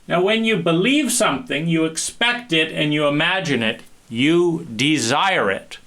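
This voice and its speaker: A man giving an animated talk, acting out small scenes and restarting phrases often. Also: on the high side, a little slow. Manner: animated, acts out little scenes with many restarts. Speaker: speaker. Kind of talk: lecture.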